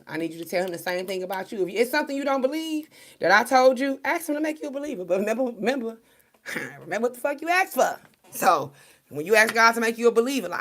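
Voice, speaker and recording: A tarot card reader with a medium-pitched voice gives her viewers a casual spiritual pep talk. She is animated and preachy, laughs often and swears casually.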